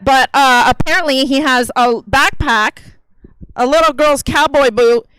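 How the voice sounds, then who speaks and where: Brash high-voiced woman doing stand-up. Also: unhurried, fairly bright tone, clear, resonant tone, poor audio. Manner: brash, profane, conversational delivery. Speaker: stand-up comedian. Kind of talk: stand-up comedy set. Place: comedy theater stage. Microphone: handheld stage mic.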